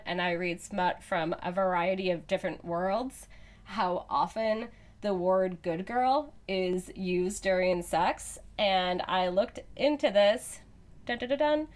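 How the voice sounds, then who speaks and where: A woman hosting a podcast in an easygoing, chatty way. She laughs often and trails through many fillers as she talks, her pitch sitting in an ordinary middle range. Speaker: podcast co-host. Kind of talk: casual chat.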